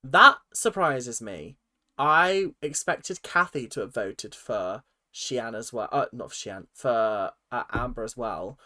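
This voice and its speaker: Excitable young man reacting. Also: mid-range voice, slow pace. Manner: excitable, gushing, chatty. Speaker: reaction video host. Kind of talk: casual reaction commentary.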